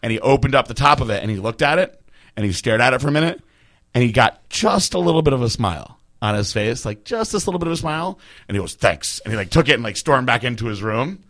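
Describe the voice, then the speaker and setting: A man rattles through a story at a rapid clip, his voice bright and forward. He swears freely and rambles, poking fun at himself as he goes. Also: mid-range voice, expressive. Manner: rambling, profane, self-deprecating. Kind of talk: casual storytelling.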